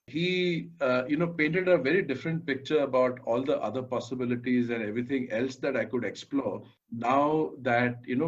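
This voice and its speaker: A man, an interview guest who speaks reflectively and hesitantly with frequent fillers. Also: mid-range voice. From India. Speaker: interview guest, business founder. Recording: distant, dull lo-fi audio.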